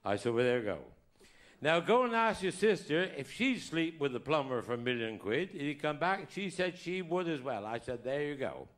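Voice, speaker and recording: A man telling crude stand-up jokes with lively delivery and laughter. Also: a little high, moderate pace. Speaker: stand-up comedian. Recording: roomy echo.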